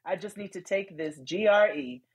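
A woman co-hosting a casual podcast, reading listener letters aloud with lively asides and laughter. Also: on the low side, moderate pace, breathy edge. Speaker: podcast co-host.

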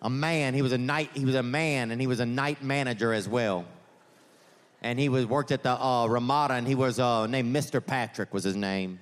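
Speaking at normal speed with a medium-pitched voice, a man delivers a rambling stand-up set on a theater stage full of meandering digressions and frequent uses of "man" and "you know." The theater is reverberant, with faint audience ambience.

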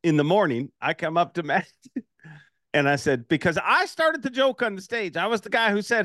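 A man's voice: on the high side, animated, fairly quick, a bit bright, no room sound, clean studio sound. Laughing, chatty male podcast host. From Ireland. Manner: storytelling, laughing, lots of "like". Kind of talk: casual interview chat.

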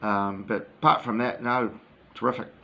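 A man's voice: mid-range voice, steady tone, moderate pace, vocal fry, pushed and bright. A man co-hosting a casual football chat, easygoing and hesitant, with many ums and yeahs. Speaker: football podcast co-host. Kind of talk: casual match review chat.

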